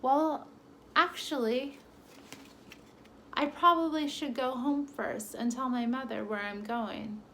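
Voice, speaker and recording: A woman's voice: high-pitched, steady tone, takes it slowly, pauses often, a bit bright, a little hiss or hum, pitched above the performer's own voice, heavily acted. A woman voicing an eager, trusting little female dog who pleads in a raised, hopeful voice. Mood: earnest.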